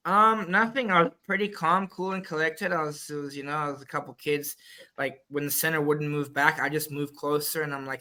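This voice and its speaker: A man's voice: a little high, fairly even intonation, a little fast, bright, forceful tone. A man from the Cayman Islands, a flag football referee and podcast guest, chatting casually in a rambling storytelling way and acting out his own quoted lines.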